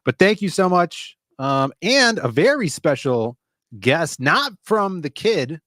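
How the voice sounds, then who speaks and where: Male podcast co-host, higher voice, dry room, rambling casual chat. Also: very animated, takes it slowly, fairly bright tone, no echo. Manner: loose, rambling, greets the chat by name.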